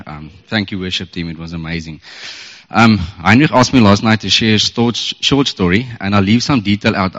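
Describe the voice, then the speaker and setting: Emotional man, low voice, testimony at church, muffled dull recording. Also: in a large hall. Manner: emotional, earnest, chuckles often. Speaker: church member sharing a testimony. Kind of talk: storytelling testimony. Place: church service.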